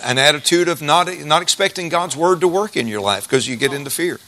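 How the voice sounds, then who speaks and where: A man's voice: fairly high pitch, animated, brisk, sharp tone. A middle-aged male pastor preaching a sermon in a folksy, emphatic way, repeating key phrases.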